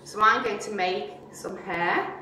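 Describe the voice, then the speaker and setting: A woman's voice: mid-range voice, unhurried, sharp tone, a little hiss or hum. A woman showing young children how to make a paper donkey craft, chatty and playful, asking them questions as she works. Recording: very echoey and distant.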